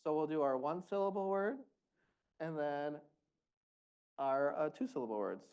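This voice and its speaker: A man's voice: fairly high pitch, lively intonation, a little slow, darkish tone, clear, resonant tone, muffled recording. A man leading a group music workshop, giving encouraging, upbeat instructions.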